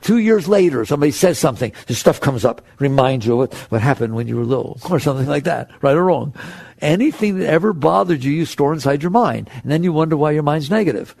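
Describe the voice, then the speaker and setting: A man giving a spiritual talk, his voice fairly high and swinging widely in pitch. It has a husky, gravelly edge, and the sound is dry and close. He speaks conversationally and slips into acted-out inner voices. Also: animated, quick pace, a little mellow, no room sound. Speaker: spiritual teacher.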